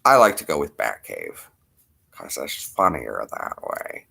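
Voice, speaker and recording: Man, low pitch, bright forceful tone, rambling casual vlog chat. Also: huge pitch swings, measured pace, vocal fry, slightly rough. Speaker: vlogger.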